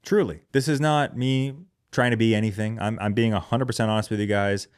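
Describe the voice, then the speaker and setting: Man, podcast host, fairly low voice, casual comic monologue, profane, sarcastic, self-deprecating. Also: steady tone, a little fast, smooth.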